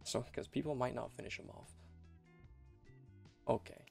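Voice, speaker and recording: Gravelly young man narrating gameplay. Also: medium pitch, moderate pace, faint music behind. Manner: rambling and chatty, repeats and restarts phrases. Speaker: game commentator. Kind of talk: casual let's-play commentary.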